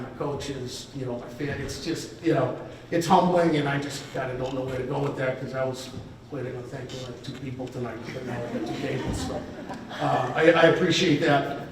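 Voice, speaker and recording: A man's voice: mid-range voice, noisy background. A man in his fifties giving a rambling, self-deprecating hall of fame acceptance speech at a banquet dinner. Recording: echoey banquet hall from far off.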